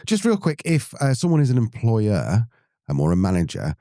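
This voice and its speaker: A man hosts a podcast in a chatty, upbeat way and reads out listener questions. His voice sits fairly low and sounds warm and mellow. The recording is dry and close. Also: huge pitch swings, moderate pace, no room sound. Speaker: podcast host. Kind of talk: casual podcast chat.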